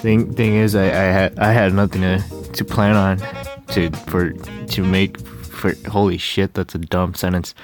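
A man's voice: deep voice, level tone, measured pace. A young man making a joking amateur ASMR video, stammering, swearing often and mocking himself. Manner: rambling, stammering, swears a lot, self-mocking. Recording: music playing loudly behind.

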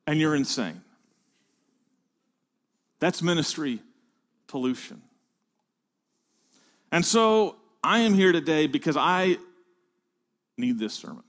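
A man delivers a sermon to a room of pastors in a fairly high voice. He speaks slowly and deliberately, letting phrases land. He swells into loud, emphatic lines, then sinks to near-hushed asides. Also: very animated. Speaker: preacher.

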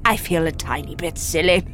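A woman reading a children's story aloud in an animated, gleeful, theatrical way. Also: mid-range voice, moderate pace. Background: music.

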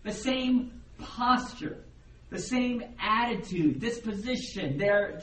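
A man preaching a sermon as the pastor, in a conversational, animated way, and he acts out the voices of the people he quotes. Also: high-pitched, slow. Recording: roomy echo, heard from a distance, faint background noise.

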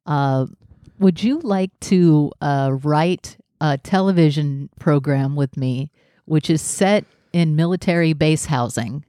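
A man's voice: fairly high pitch, slow, mellow, no echo, clean studio sound. A man hosting a casual podcast, joking and rambling in loose, meandering sentences. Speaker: podcast host.

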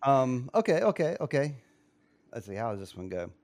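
A man's voice: mid-range voice, sing-song, moderate pace, darkish tone, no echo. A man hosting a casual chat, playfully quizzing his co-hosts and laughing often. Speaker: podcast host quizzing co-hosts.

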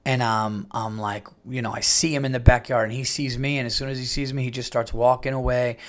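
A man in his late thirties hosts a casual talk show, rambling through stories with plenty of swearing. His pitch sits in the middle of the range. He jumps into higher, louder voices whenever he quotes someone. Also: brisk. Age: late 30s. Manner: animated, profane, acts out quotes in raised voices. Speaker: podcast host. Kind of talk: casual storytelling monologue.

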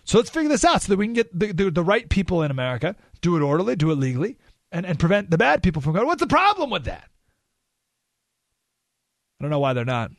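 Talk radio guy ranting, slightly high voice, stumbles and repeats words, dry studio sound. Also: fast, long pauses, dry recording. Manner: animated, emphatic, repeats words and restarts. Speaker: radio talk show host. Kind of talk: political talk radio monologue.

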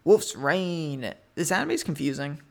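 Gravelly, lively-voiced man chatting. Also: on the high side. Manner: laid-back, offhand, quick reactions. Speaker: podcast co-host. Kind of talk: casual chat.

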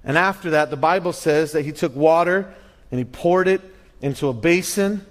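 A middle-aged male pastor preaching a sermon, animated and storytelling, acting out little voices with many restarts. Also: fairly high pitch, normal speed.

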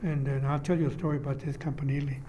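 An older man, a retired architectural designer, being interviewed for an oral history and telling rambling, animated stories from his career. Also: mid-range voice, racing, noisy background. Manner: rambling, animated storyteller who acts out quoted dialogue.

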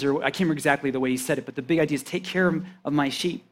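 A man's voice: on the high side, fast, hardly any pauses. A man giving an informal, earnest sermon, talking conversationally with restarts and paraphrased scripture.

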